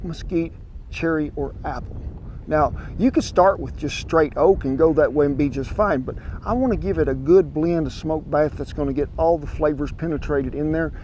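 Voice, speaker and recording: A man's voice: fairly high pitch, darkish tone, slight background noise. A man hosting a casual cooking demonstration outdoors, talking in a folksy, chatty drawl. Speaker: cooking show host. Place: outdoors by a smoker grill.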